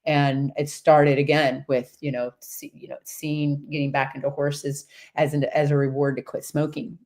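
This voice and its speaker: Woman, 50s, casual storyteller, loose and rambling, animated, laughs easily. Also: deep voice, moderate pace. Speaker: horse-based coach and community host.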